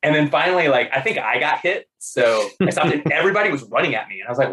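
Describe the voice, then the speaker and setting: A man in casual conversation, telling funny work stories in an animated way, laughing often, with many fillers and restarts. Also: medium pitch, quick pace, poor audio. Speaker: podcast guest. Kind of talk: casual storytelling.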